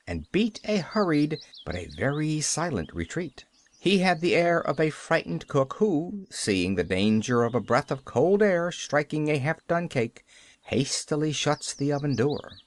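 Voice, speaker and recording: A man narrating a classic novel as an audiobook, with a lively storytelling delivery. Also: medium pitch.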